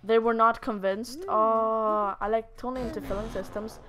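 A woman's voice: a little high, steady tone, normal speed, a bit bright, faint music behind. A young woman from Lithuania chatting casually through a matchmaking game, reading the characters' lines aloud in playful voices. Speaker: gaming YouTuber. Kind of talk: casual let's-play commentary.

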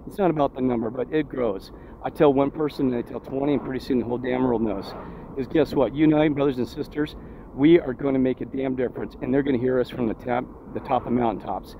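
A man with a gravelly, medium-pitched voice talks quickly while vlogging outdoors near a road. His agitated street monologue is indignant and preachy, packed with rhetorical questions. The lo-fi phone audio sounds dull, with faint traffic in the background.

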